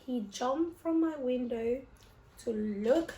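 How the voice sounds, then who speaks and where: A young woman vlogger with a high voice speaks slowly as she eats at home, telling a personal story in a rambling, emotional way full of fillers and restarts. The room sounds roomy, with faint background noise.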